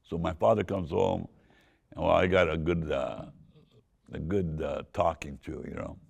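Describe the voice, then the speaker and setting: Older man, Southern Californian accent, low rumbling voice, very gravelly, rambling memoir style. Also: fairly even intonation, a little slow, a little mellow. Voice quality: deep gravelly voice. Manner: rambling anecdotal telling with laughs and restarts. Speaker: storyteller. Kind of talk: casual spoken memoir.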